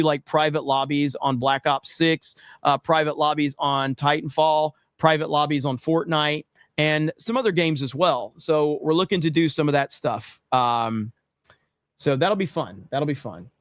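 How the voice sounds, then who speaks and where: A man from the United States, his voice on the high side, reads super chats aloud on a casual livestream. He answers with profane, exasperated jokes, and the recording is dry and of studio quality.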